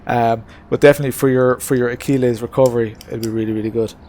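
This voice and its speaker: A man chatting casually on his live stream from a home sim-racing rig, with an ordinary mid-range voice. He is relaxed and talkative, answering the chat with frequent "uh"s and restarts. Faint noise hums behind him. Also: medium pitch, fairly quick.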